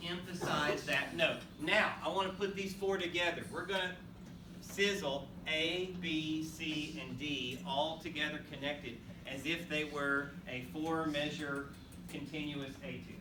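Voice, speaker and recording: A man leads a school band class from across a bright, echoing room, his fairly high voice carrying over steady room noise. He counts beats aloud, calls on students by name and urges them on. The recording sounds distant and roomy. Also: a little slow. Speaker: band teacher. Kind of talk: classroom instruction. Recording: echoey room, voice from far off, noisy. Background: students and instruments.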